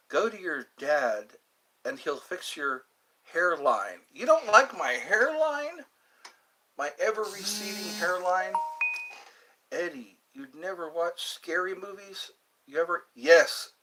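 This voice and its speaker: A man's voice: fairly high pitch, bright, forceful tone. A man hosting a casual livestream, meandering between topics and reading viewer comments aloud before answering them. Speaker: livestream host reading chat. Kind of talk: casual rambling chat.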